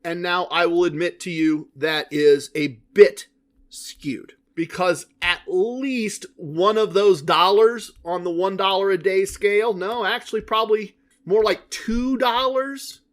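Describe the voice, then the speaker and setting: A man's voice: high voice, unhurried. A middle-aged man hosting a solo podcast, chatty and self-deprecating, correcting himself as he talks. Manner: mock-boastful in a put-on triumphant voice. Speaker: podcast host.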